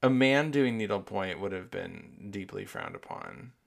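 With a low, gravelly voice whose pitch swoops wildly, a podcast host speaks at an unhurried pace in his casual monologue. His talk is rambling and profane with lots of fillers, and allergies are affecting his voice.

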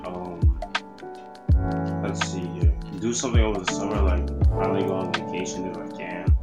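Hesitant teen boy, low voice. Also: steady tone, over loud music. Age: teens. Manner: slow and hesitant, many ums. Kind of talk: casual group podcast chat.

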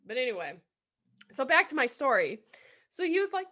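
A woman's voice: sits high, very animated, moderate pace, background noise. A woman co-hosting a casual podcast chat, playful and jokey, swearing freely. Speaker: podcast co-host.

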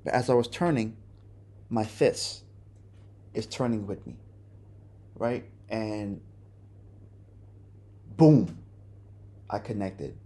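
A man's voice: fairly low pitch, expressive, slow, pauses often, dark tone. A man hosting a podcast, telling a personal story in a candid, casual way and cursing often. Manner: candid, profane, conversational. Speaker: podcast host.

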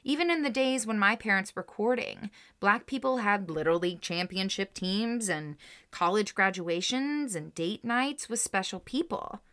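Bright-voiced woman podcast host reading history. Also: mid-range voice, animated, normal speed. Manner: reads researched passages, then reacts emotionally. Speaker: podcast co-host telling a story. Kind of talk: casual chat with read-aloud history and quotes.

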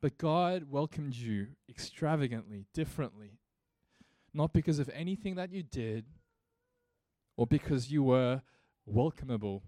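A man's voice: medium pitch, expressive, unhurried, mellow, no room sound. A male pastor preaching a sermon earnestly, building to emphatic rhetorical questions.

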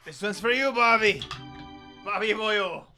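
A man's voice: high voice, unhurried, bright, forceful tone, soft background music. A man playing a tabletop game, playful and teasing with in-character trash talk. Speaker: player. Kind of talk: casual tabletop play.

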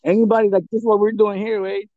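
A man's voice: high voice, flat delivery, fast, no room sound. A man co-hosting a podcast, chatting casually and profanely, laughing a lot and slipping into Spanish. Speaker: podcast co-host. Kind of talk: casual chat. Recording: dull, dry lo-fi recording.

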